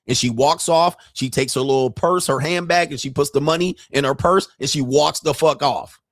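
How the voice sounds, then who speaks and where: A man's voice: fairly high pitch, moderate pace, no room sound, clean studio sound. A man hosting a show, telling profane stories in casual commentary and mimicking other people's voices as he goes. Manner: animated storytelling, mimics voices. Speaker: podcast host.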